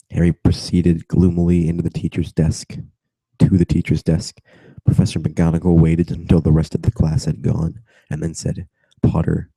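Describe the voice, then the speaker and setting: Getting over a cold, a young man reads a novel aloud to strangers over video chat in a low, gravelly, dark voice. His reading is flat, broken by giggling asides before he returns to the page. The laptop-mic sound is dry, close, and poor, with no room sound.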